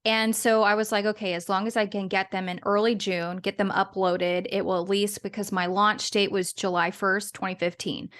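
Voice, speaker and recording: A woman's voice: mid-range voice, little pitch movement, normal speed, hardly any pauses, fairly bright tone. A woman guest in a casual interview, talking in a chatty, rambling way with frequent restarts and small laughs. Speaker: guest, business owner and podcaster.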